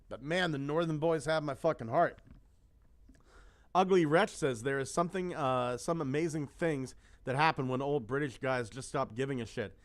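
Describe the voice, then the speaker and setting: A man co-hosts a casual, profane podcast. His voice sits a little high, and he reads lyrics in a sing-song lilt and viewer comments in a flatter tone. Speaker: co-host.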